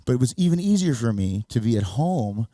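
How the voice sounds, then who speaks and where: A middle-aged man from Canada, a singer giving a reflective stage talk, now and then singing or shouting a line to demonstrate. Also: medium pitch, big pitch swings, a little fast, dry recording, studio quality.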